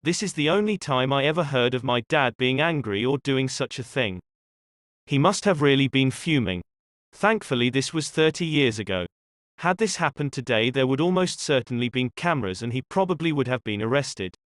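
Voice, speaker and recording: A man hosting a channel and narrating stories in a scripted, even read-aloud delivery. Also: mid-range voice, moderate pace, dry recording, clean studio sound. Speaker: channel host and story narrator.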